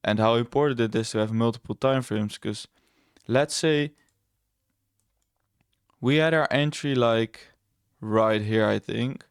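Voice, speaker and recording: A man's voice: medium pitch, measured pace, long pauses, clear, resonant tone, no echo, studio quality. A young man casually walking through his trades on screen, rambling and correcting himself, blunt and a bit sarcastic. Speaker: trading educator. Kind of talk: casual screen-share trading walkthrough.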